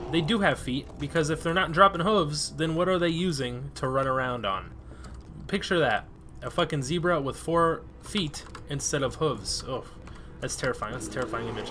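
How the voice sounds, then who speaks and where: A let's-play host with a medium-pitched voice chats casually over his gameplay, with background noise present. He's easily exasperated and swears freely.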